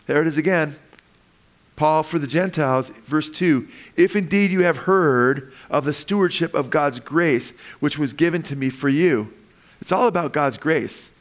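A man preaching a sermon as pastor, reading scripture slowly and rising in pitch and volume to stress points, asking the congregation questions. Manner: reads verses slowly, asks the congregation questions.

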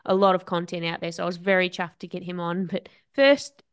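A woman's voice: on the low side, level tone, brisk, clear, resonant tone. A woman with an Australian accent, hosting a podcast and chatting reflectively, thinking aloud. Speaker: podcast host. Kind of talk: casual conversation.

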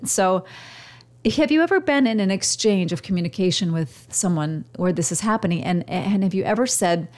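A woman's voice: fairly low pitch, a little mellow. A woman host giving casual advice talk, speaking directly and conversationally to her listeners. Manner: direct, conversational, quotes others in asides.

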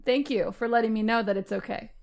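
A woman's voice: fairly high pitch, fairly even intonation, fast talker, creaky, darkish tone. A woman co-hosting a casual gaming podcast, teasing her partner and laughing often. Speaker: podcast co-host.

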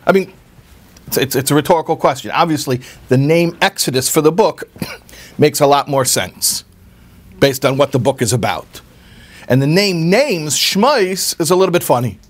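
A man giving an earnest storytelling talk, often repeating words and pausing with fillers. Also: a little high, lively intonation. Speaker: speaker giving a religious talk.

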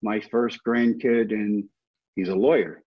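Husky guy in his 50s telling stories on a podcast, acts out quotes, kinda dull lo-fi audio. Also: on the low side, a little slow. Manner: animated anecdotes with acted-out quotes. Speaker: guest, former baseball player. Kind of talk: storytelling interview.

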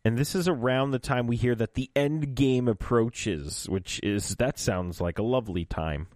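A man's voice: medium pitch, moderate pace, a little mellow, dry recording, clean studio sound. A man co-hosting a podcast, chatting casually and animatedly, often laughing as he recaps a story. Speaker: podcast co-host. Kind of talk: casual chat recapping an audio drama.

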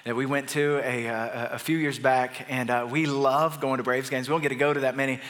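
Bright-voiced pastor preaching in a big reverberant hall. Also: male voice, medium pitch, steady tone, fairly quick. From Atlanta area, US. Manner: conversational storytelling with restarts, building to emphatic declarations. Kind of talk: sermon. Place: large church auditorium. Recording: long reverb of a large church hall.

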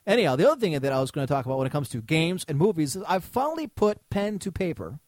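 A man's voice: a little high, very animated, fast talker, darkish tone, dry recording. A man co-hosting a podcast in casual chat, ranting and swearing freely. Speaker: podcast co-host.

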